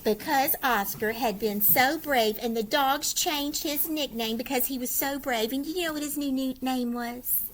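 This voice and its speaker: A woman's voice: high-pitched, a little slow, hardly any pauses, a little hiss or hum, low-quality recording. A woman reading a children's picture book aloud expressively, asking her listeners questions. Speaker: storyteller.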